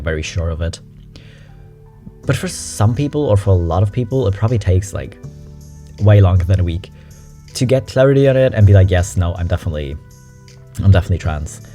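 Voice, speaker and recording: A low-pitched, mellow young adult nonbinary speaker chats through memes with a lively, bouncing delivery. The talk is frank and casual, with easy swearing, over faint background music. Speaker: meme reaction host. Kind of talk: casual meme commentary.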